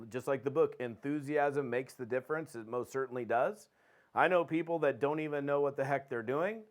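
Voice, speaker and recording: A man hosting a podcast, giving an energetic motivational training talk and acting out quick phone calls. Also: mid-range voice. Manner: animated, acts out phone calls with quick dialogue. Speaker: podcast host and network marketing trainer.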